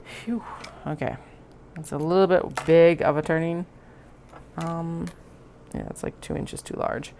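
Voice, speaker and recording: A woman with a low voice and a gravelly fry narrates her sewing in a relaxed, chatty way. She murmurs to herself between steps. A faint hiss sits behind her. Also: a little slow, long pauses. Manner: chatty, self-talking while working. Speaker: crafter sewing on stream. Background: sewing machine running.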